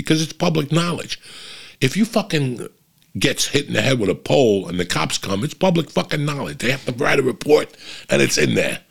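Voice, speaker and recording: Gravelly, husky man swearing through a story. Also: mid-range voice, lively intonation, brisk. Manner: profane, rambling, addresses listeners as guys. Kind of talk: casual storytelling chat.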